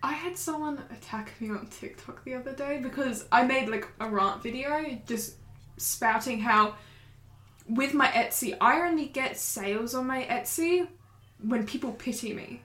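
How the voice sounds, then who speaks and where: A woman's voice: high-pitched, moderate pace, fairly bright tone, echoey room. A young Australian woman whose accent mixes in posh English, chatting casually and swearing freely as she rants. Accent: Australian, mixed with posh English. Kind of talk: casual chat.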